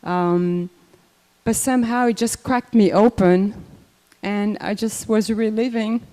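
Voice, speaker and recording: An older woman giving a personal memorial talk, unhurried and conversational, with many fillers and restarts. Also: medium pitch, steady tone, mellow. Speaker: memorial speaker. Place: temple hall. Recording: echoey hall reverb.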